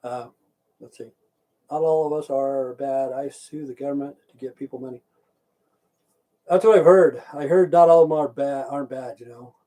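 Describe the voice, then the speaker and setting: A man streams live, ranting casually in a mid-range, dark voice at normal speed with fairly even intonation. The recording is rough, and he rambles, swears a lot, repeats "okay," and chats with viewers in the stream chat.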